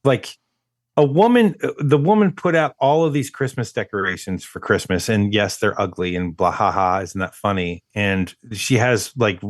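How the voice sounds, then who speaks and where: A man co-hosting a movie podcast picks apart a film in casual review chat, stammering and restarting often. His voice is fairly low and animated, at a normal speed, recorded with studio quality and no echo.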